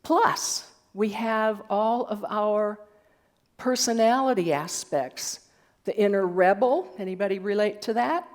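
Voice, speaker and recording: An older woman delivers a sermon in a middle-pitched voice, taking her time over every phrase. She tells her stories with gentle humor and speaks unhurriedly, as if from a church hall. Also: measured pace. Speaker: speaker at a spiritual center.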